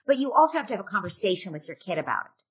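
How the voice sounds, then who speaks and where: A woman's voice: medium pitch, very animated, very fast, breathy edge. A woman who is a parenting author, giving advice in a podcast interview, earnestly checking in with "right?" as she makes her points. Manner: acts out parent and child quotes.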